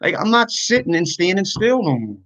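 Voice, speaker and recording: A man's voice: sits high, very animated, normal speed, fairly bright tone, poor audio. Earnest man venting on a livestream. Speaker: YouTuber and podcaster. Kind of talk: casual livestream talk.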